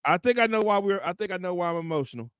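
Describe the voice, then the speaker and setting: 陽気にからかう男性スポーツ番組の共同司会者. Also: male voice, sits high, racing, smooth, no room sound. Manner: animated, teasing, laughing often. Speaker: sports show co-host. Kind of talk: casual sports banter.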